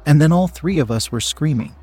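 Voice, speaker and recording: A man narrating a first-person story in a steady, frank way. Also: a little high, fairly quick, husky.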